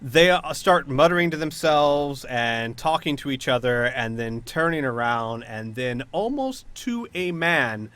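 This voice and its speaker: A man's voice: medium pitch, animated, a little slow, few pauses, a bit bright, clean tone. Hesitant man narrating a tabletop game. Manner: hesitant, filler-heavy narration. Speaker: game master.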